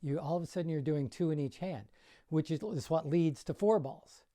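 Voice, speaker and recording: The voice is medium-pitched and mellow, moving at a moderate pace. It belongs to an older juggling coach running a casual bedroom tutorial, counting throws aloud as he demonstrates and encouraging the viewer in plain language.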